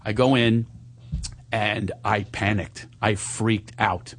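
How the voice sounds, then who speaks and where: Husky middle-aged man telling a story. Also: fairly low pitch, slow. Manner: animated, self-mocking, laughs through his story. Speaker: actor and guest. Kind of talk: casual storytelling chat.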